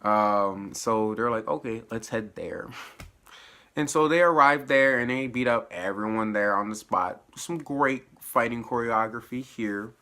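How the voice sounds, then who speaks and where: Excitable man recapping, bright voice. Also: a little slow, few pauses, clean tone. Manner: animated, swinging from low mutters to high exclamations; slangy, laughs often. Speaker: TV episode reviewer. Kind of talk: casual spoiler recap. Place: at home.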